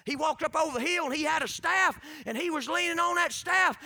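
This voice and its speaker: A man preaching a revival sermon, swinging from quiet storytelling to shouted preaching. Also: very high voice, fast talker, gravelly, few pauses, no echo, clean studio sound.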